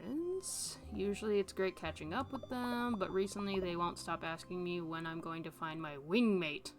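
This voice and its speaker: A woman's voice: lowish voice, normal speed, soft background music, lightly acted. A woman reading game dialogue aloud for a chatty, adventurous female albatross explorer in a friendly, upbeat way.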